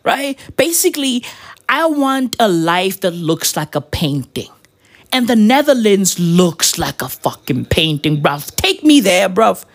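Animated, husky young woman. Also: mid-range voice, a little slow. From South Africa. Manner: profane, animated, keeps asking "right?". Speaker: comedian. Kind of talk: comedic rant monologue.

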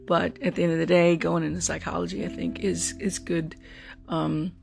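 Gravelly-voiced podcaster in their forties. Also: mid-range voice, flat delivery, moderate pace. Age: 40s. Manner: earnest, meandering storytelling. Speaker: podcast host. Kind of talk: casual solo podcast monologue. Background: guitar music.

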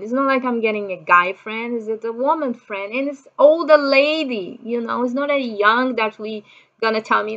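A woman's voice: on the high side, sharp tone, muffled recording. A middle-aged woman from Brazil with a Brazilian Portuguese accent, telling a personal story in a chatty way, full of "you know" fillers and acted-out quotes.

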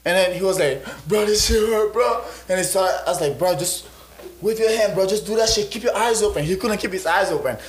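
High-voiced young man in an echoey room. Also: fast. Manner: excitable, profane slang, acts out quotes. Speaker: podcast co-host. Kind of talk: casual storytelling chat.

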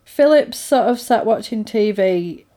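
A woman's voice: medium pitch, measured pace. A woman in casual chat, animatedly retelling a film's story scene by scene. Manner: animated storytelling, acts out the characters' lines. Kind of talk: casual film recap chat.

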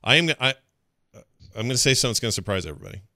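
A man's voice: mid-range voice, sing-song, racing, pushed and bright, no echo. A man co-hosting a movie podcast in casual chat, talking with rambling enthusiasm. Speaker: podcast co-host.

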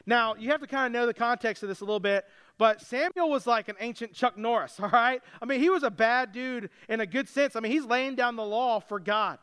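Man, pastor, sermon, casual storytelling, joking asides, very high pitch. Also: brisk, fairly bright tone, clear, resonant tone.

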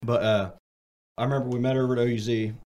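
A man's voice: mid-range voice, steady tone, quick pace, darkish tone. A young man hosting a casual podcast, talking loosely and joking around with his friends. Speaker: podcast host.

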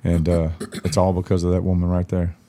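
A country singer appears as a podcast guest, telling stories in a casual chat in a blunt, profane manner and acting out quoted dialogue. His voice is low-pitched and mellow, with a brisk, completely flat delivery.

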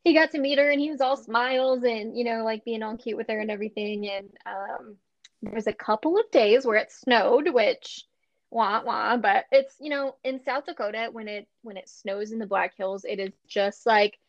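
A woman's voice: on the high side, normal speed, no room sound, dull audio. A woman in her thirties from Western Nebraska, co-hosting a podcast and telling stories with lots of giggles. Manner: giggly, animated storytelling. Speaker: podcast co-host. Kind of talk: casual chat.

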